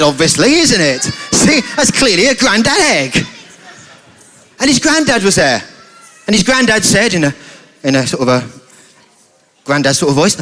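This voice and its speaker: A man's voice: sits high, very animated, normal speed, pauses often, pushed and bright. A man with a British accent telling a playful story at a family church service, often asking the children questions. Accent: British English.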